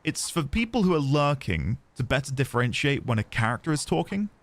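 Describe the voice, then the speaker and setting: A man's voice: medium pitch, sing-song, fairly quick, no echo. A man chatting casually on a live game stream, rambling and self-deprecating.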